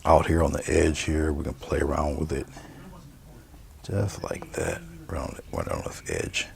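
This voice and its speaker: A man giving a painting demonstration, talking through each brushstroke in a relaxed, murmured way. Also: extremely low pitch, a little slow, creaky. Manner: relaxed, murmured step-by-step commentary while painting. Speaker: painting instructor.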